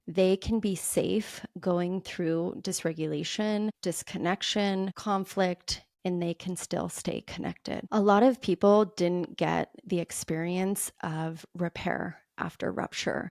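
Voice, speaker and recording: Low-voiced woman with a gravelly edge. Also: no room sound, studio quality. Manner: calm, explanatory, acts out parent quotes. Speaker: podcast host. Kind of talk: solo podcast talk on parenting.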